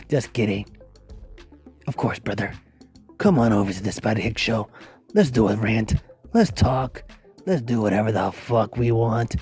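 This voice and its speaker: A man's voice: medium pitch, big pitch swings, normal speed, darkish tone, husky, soft background music. A man hosting a podcast, ranting casually with crude, playful jokes. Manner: rambling, joking, crude, playful. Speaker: podcast host. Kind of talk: casual rant.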